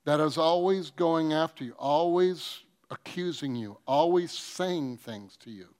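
A man preaching a sermon, telling comic stories with acted-out quotes and swinging between loud bursts and soft, earnest passages. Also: on the high side, a little slow. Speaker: pastor.

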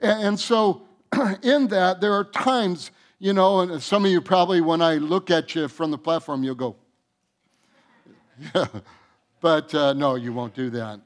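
A man preaching a sermon to his church as its pastor, earnest, with restarts and soft, quiet endings to his phrases. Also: fairly high pitch, measured pace. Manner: earnest, with repeated restarts and soft drops in volume. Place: church sanctuary.

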